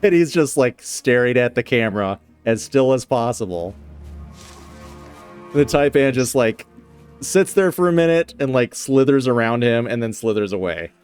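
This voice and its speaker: A man's voice: medium pitch, animated, normal speed, darkish tone, clean tone, faint music behind. A man streaming a survival game, chatting casually and telling rambling stories with frequent laughs. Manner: rambling storyteller, laughs often. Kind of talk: casual gaming chat.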